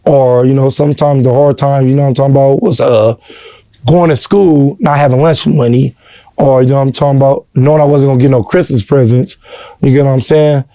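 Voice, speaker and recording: An earnest man tells his story in a relaxed interview, constantly checking in with "you know what I'm saying." His voice is dark and mellow. It is recorded dry and close, with no room sound. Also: medium pitch, fairly quick, no room sound. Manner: earnest, heartfelt. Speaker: interview guest. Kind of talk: casual personal storytelling.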